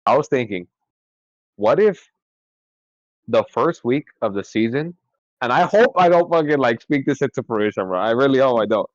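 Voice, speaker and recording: Animated young man on a dry, lo-fi mic. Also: medium pitch, moderate pace, pauses often, no room sound. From California. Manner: excitable, swears a lot, laughs often. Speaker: podcast co-host. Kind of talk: casual chat. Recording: dry, dull lo-fi sound.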